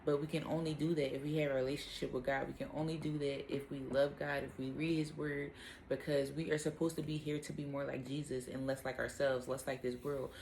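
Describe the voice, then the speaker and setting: A woman's voice: extremely low pitch, little pitch movement, brisk, vocal fry, a little mellow, slight background noise. A young adult woman hosts a casual devotional talk, conversational with fillers and self-corrections. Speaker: host of a Bible talk.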